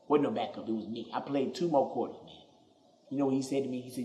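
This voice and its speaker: A man hosting a podcast, telling a comedic story in an animated, profane way, recorded in an echoey room. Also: mid-range voice, rapid-fire, slight background noise. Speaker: podcast host.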